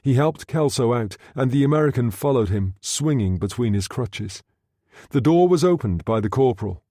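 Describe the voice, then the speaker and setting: Male audiobook narrator, steady, measured, dark mellow tone, dry close sound. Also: medium pitch, dry recording. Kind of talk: scripted narration.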